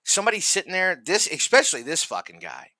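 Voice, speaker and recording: A man's voice: fairly high pitch, wildly swooping pitch, quick pace, pushed and bright, dry recording. A man hosting reaction commentary, ranting furiously and mockingly with constant swearing. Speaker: commentary host.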